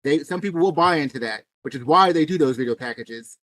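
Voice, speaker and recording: Male co-host, somewhat high voice, dry close sound, laid-back short replies. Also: expressive, fast, a bit bright, dry recording. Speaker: wrestling show reviewer, co-host. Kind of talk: casual chat.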